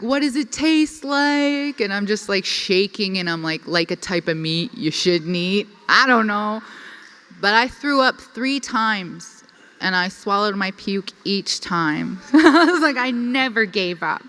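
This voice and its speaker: A woman's voice: mid-range voice, measured pace. A young woman telling a personal story to a conference audience, chatty and full of "like". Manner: lively, chatty, filler-heavy with frequent "like". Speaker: conference speaker. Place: conference hall. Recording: reverberant hall.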